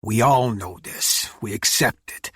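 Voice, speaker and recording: A gruff, proud older mob uncle who blusters and lectures in a husky voice, as a male narrator puts him on. The delivery is raised and insistent, recorded dry and close for an audiobook. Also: on the low side, unhurried, a bit bright, no room sound. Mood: firm.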